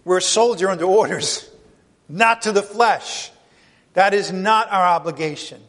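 A man's voice: high voice, unhurried, a bit bright, long reverb tail. A man preaching a sermon, emphatic and full of rhetorical questions to the congregation. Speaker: pastor.

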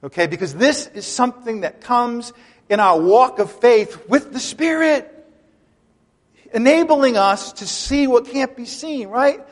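Man, high voice, animated pastor delivering a sermon with emphatic bursts, recorded in a reverberant hall. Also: a little slow. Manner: animated, emphatic preaching with conversational asides.

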